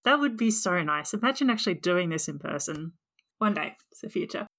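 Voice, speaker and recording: A woman's voice: fairly low pitch, lively intonation, fairly quick, a bit bright. Upbeat woman hosting a podcast. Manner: upbeat, effusive. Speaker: podcast host. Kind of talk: casual chat.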